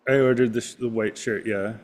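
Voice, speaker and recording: A man's voice: medium pitch, steady tone, a little fast, darkish tone. A man co-hosting a casual chat, telling jokes and rambling stories. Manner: jokey, rambling storyteller. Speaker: co-host.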